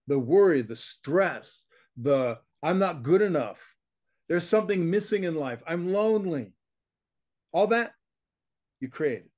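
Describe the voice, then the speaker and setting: An older man speaks in a slightly raised register, teaching through casual interview talk. He is blunt and forceful in his phrasing, punctuating points with short rhetorical questions and a ready laugh. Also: a little high. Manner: emphatic, blunt, with frequent laughs and rhetorical check-ins. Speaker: consciousness teacher, guest.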